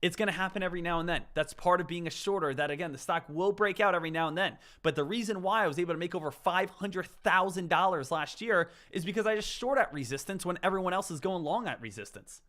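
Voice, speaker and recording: Bright-voiced man chatting on a trading stream. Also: sits high, quick pace, hardly any pauses. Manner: chatty, repeats "again", answers chat. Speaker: day trader hosting a live stream. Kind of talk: casual live-stream commentary.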